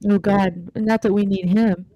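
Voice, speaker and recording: A woman's voice: medium pitch, steady tone, unhurried, no room sound, muffled recording. A woman from the northern US, a chatty, self-mocking panelist on a livestream video call. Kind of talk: casual livestream panel chat.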